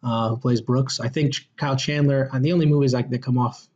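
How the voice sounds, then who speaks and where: A man's voice: mid-range voice, steady tone, fast talker, a little mellow. A man hosting a casual podcast chat reviewing a movie, enthusiastic and rambling, with many fillers and restarts. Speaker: podcast host. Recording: dull lo-fi sound.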